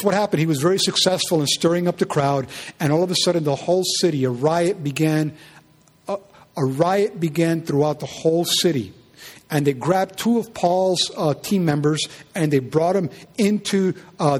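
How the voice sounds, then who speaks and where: A pastor preaching a sermon, animated and firing rhetorical questions at his congregation. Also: on the high side.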